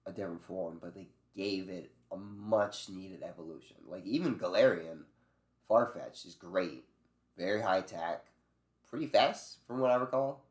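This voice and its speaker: A deep-voiced man talks through his favorite game creatures in a loose, rambling way, swearing freely and trailing off into fillers. His voice sits low and rings in a roomy, echoey space. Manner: loose and profane, with many fillers and restarts. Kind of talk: casual rambling chat. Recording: echoey room.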